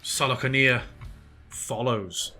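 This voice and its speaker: A man acting as game master, narrating combat in a relaxed, playful way. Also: medium pitch, slow, faint music behind. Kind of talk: running a tabletop game online.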